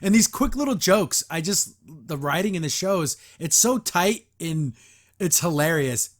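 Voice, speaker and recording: Guy rambling thru a cartoon recap, laughs a lot, kinda high voice. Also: lively intonation, a little slow. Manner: rambling, laughs often, many fillers. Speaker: show reviewer and podcast host. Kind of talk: casual episode review.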